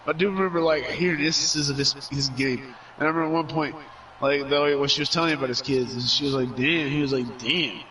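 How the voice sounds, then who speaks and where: A male streamer tells a story at a rapid clip, rambling and stacking filler words with plenty of cursing. His voice sits a bit back from the microphone, with faint noise behind it. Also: on the high side, fairly even intonation, fairly bright tone. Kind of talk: casual storytelling. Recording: voice somewhat far from mic.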